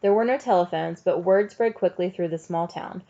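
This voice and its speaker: A woman teacher reading a novel aloud to her class, pausing for calm explanatory asides. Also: on the low side, muffled recording.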